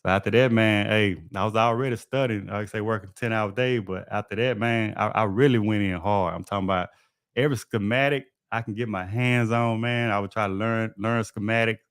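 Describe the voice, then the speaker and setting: A man's voice: fairly low pitch, steady tone, brisk, a bit bright, clear, resonant tone, no room sound, studio quality. A man, hosting a livestream and telling stories from his trade in a laid-back, folksy way. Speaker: HVAC technician and livestream host. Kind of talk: casual livestream storytelling.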